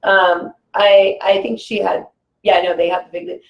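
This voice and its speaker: A woman's voice: medium pitch, flat delivery, moderate pace, vocal fry, dull audio. A woman talking casually as a guest about spiritual ideas, rambling and filling her talk with "like" and "you know.". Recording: echoey room.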